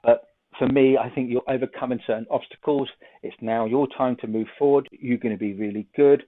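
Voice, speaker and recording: A man's voice: mid-range voice, fairly even intonation, a little fast. A man hosting a psychic show, chatty and joking as he gives card readings and runs a quiz over a video call. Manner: chatty, joking, thinks aloud. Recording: tinny phone-like line.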